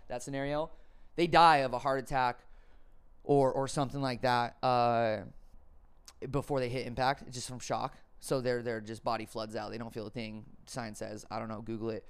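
Smooth-voiced man rambling profanely. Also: mid-range voice. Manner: profane, rambling, jokey, acts out quotes. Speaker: podcast host. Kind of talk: casual storytelling monologue.

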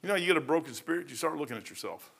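A male pastor preaches in a bright, forceful voice that sits a little high for a man. He swings between easygoing, folksy storytelling and bursts of fervent preaching. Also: lively intonation, rapid-fire, creaky. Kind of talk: sermon.

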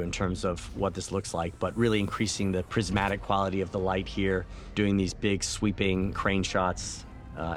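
A man with a low-sitting voice gives a laid-back, reflective commentary on a movie he directed, faint soundtrack music underneath. He frequently uses fillers and starts sentences over.

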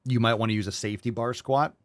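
A man's voice: medium pitch, steady tone, fast, no room sound, clean studio sound. A man hosting a fitness podcast, ranting about diet and answering training questions in a profane, combative, mocking way. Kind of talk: ranting call-in fitness show.

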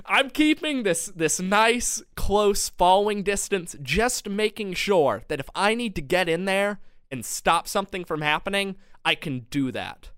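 A man's voice: high voice, animated, a little slow, a bit bright, smooth, no room sound, studio quality. A young man hosting a podcast, telling a long story in casual chat and laughing often. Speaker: podcast co-host. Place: home studio.

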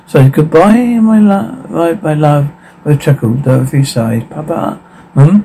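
A man reading captions and sound cues aloud in a halting, stumbling way with a flat delivery. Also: fairly high pitch, creaky, slight background noise, low-quality recording.

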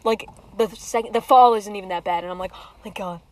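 A woman's voice: mid-range voice, quick pace, darkish tone. A young woman co-hosting a podcast, chatting casually, rambling with lots of "like" and restarts. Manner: rambling, full of "like" and restarts, giggly. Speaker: podcast co-host. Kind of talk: casual chat.

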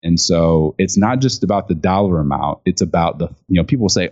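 A man telling a story in an interview, animated and chatty, acting out other people's lines with lots of fillers. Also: deep voice, fairly quick, hardly any pauses. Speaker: guest, speaker and author on gifting. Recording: dull lo-fi sound.

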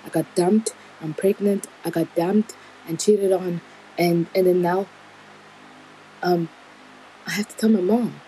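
A woman's voice: lowish voice, steady tone, measured pace, long pauses, dark tone, a little hiss or hum, low-quality recording. Candid young woman recounting a hard time. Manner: candid, rambling, emotional retelling with nervous laughs. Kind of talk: personal storytelling.

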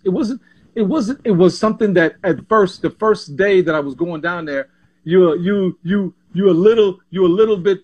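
A man in his sixties tells his stories in a fairly high voice. He is animated and quick to repeat and restart his words as the memories spill out. He speaks as a guest in a relaxed interview. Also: dull audio. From Panama. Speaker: former pro basketball player, guest. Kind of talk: casual interview storytelling.

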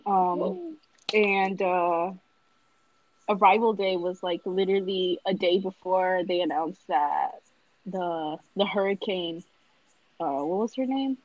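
A woman's voice: fairly low pitch, slow pace, highs cut off. A nineteen-year-old woman, a college student, telling a story in casual chat with friends and acting out the people in it. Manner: animated, acts out the other voices in her story.

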